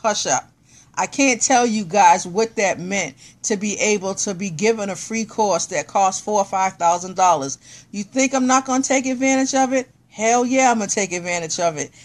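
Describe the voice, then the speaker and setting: A middle-aged woman speaking at an ordinary mid-range pitch, live-streaming to her viewers. She talks in an excited, animated way, giving fired-up encouragement. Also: moderate pace.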